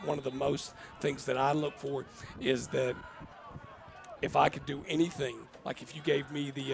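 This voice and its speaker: A man's voice: mid-range voice, little pitch movement, normal speed, gravelly. A man doing live play-by-play commentary, jokey and rambling, laughing often. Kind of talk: live game commentary with banter.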